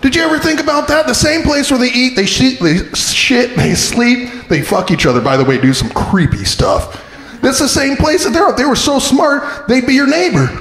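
A man doing a stand-up comedy set on a club stage, animated and quick to jump into silly high character voices. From Beaverton. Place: comedy club stage before a live audience. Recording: roomy club sound with crowd laughter.

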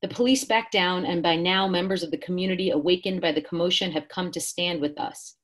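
Woman, lowish husky voice, reading prose aloud, steady narration. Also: brisk. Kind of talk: reading a first-person prose excerpt.

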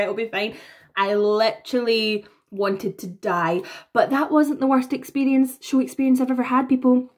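A young woman in her twenties telling stories to her camera in a chatty, animated way, laughing between anecdotes. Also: on the high side. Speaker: vlogger. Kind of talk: casual storytelling to camera. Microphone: own camera.

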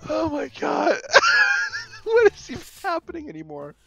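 A man's voice: extremely high pitch, huge pitch swings, normal speed, gravelly, soft background music. A man commentating a game on a live stream, laughing a lot and yelping in disbelief. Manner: laughs often, yelps and exclaims in disbelief. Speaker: gaming streamer.

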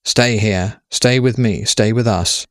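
A man's voice: on the low side, slow, no room sound, clean studio sound. A man voicing a weary aging noblewoman who pleads plainly.

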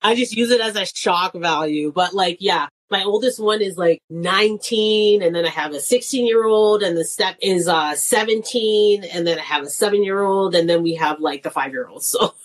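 A woman's voice: medium pitch, moderate pace, few pauses. Chatty woman comedian, laughs often. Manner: chatty, laughs often, acts out quoted voices. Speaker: guest comedian and nurse. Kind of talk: casual chat.

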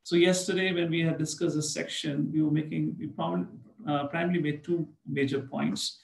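A man's voice: on the high side, level tone, normal speed, gravelly. A man lecturing on scripture, telling stories and acting out the characters. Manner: storytelling, acts out characters. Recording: echoey room.

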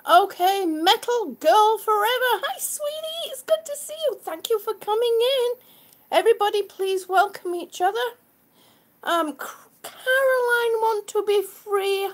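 A woman with a very high voice hosts a casual live stream, sounding a little out of breath as she warmly greets her viewers, calling them sweetie and honey.

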